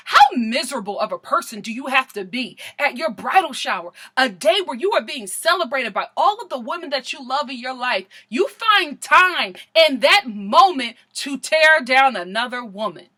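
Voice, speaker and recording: A woman's voice: high voice, lively intonation, normal speed, hardly any pauses, bright, forceful tone. A young woman giving a sassy, comedic recap of a reality show, laughing often and repeating her punchlines. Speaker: vlogger reviewing a reality show.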